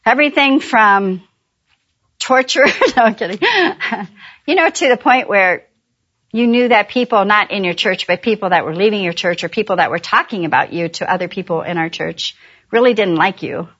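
A middle-aged woman and pastor's wife, telling a church audience about her ministry in a chatty, animated way and laughing at her own jokes. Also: medium pitch, moderate pace, muffled recording. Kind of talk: warm personal testimony talk.

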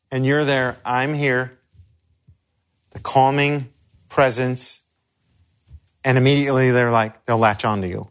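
A middle-aged man, a pastor, teaching crisis care in an earnest, halting, conversational way with personal stories. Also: mid-range voice, fairly even intonation, a bit bright, smooth. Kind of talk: instructional talk with personal stories.

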